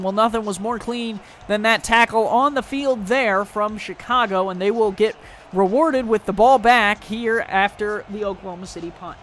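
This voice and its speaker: High-voiced man calling football plays. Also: fairly bright tone, a little hiss or hum. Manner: brisk play calls with dry joking asides. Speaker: play-by-play commentator. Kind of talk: live esports football commentary.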